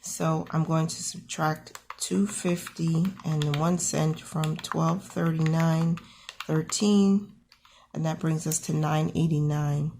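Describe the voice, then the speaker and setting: A woman with a rough morning voice walks through her family's weekly card expenses, friendly and encouraging as she talks the numbers through aloud. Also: low-pitched, steady tone, slow, warm tone, slight background noise. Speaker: budgeting channel host. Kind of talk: casual screen-share budget walkthrough.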